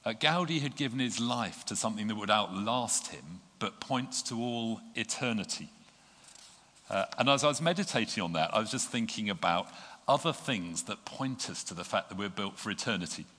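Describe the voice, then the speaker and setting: A man preaching a sermon, earnest and gentle, pausing with small fillers. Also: on the low side, animated. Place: church. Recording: long reverb of a church hall.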